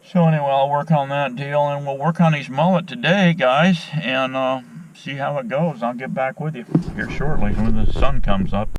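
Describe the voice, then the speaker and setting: A man's voice: medium pitch, moderate pace, hardly any pauses, muffled recording, slight background noise. A man telling a rambling story outdoors at a fishing spot at daybreak, repeating and restarting his words as he goes. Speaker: outdoors vlogger. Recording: voice a bit distant from the mic.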